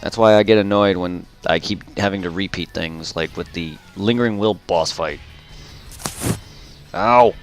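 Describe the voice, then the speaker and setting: A man's voice: low-pitched, normal speed, hardly any pauses, soft background music. A man chatting casually while streaming a game, rambling and repeating himself. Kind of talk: casual chat while gaming.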